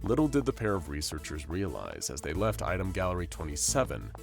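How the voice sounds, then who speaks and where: A man narrates an animated story with dramatic storyteller flair. His voice sits on the low side but rises and falls with lively emphasis, and faint music plays beneath him. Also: a little fast, gravelly.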